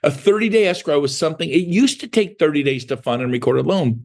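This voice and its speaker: Gravelly, emphatic middle-aged salesman. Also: a little high, animated, a little mellow. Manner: emphatic, repetitive, fast-talking salesman. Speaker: real estate sales trainer. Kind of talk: motivational sales training talk.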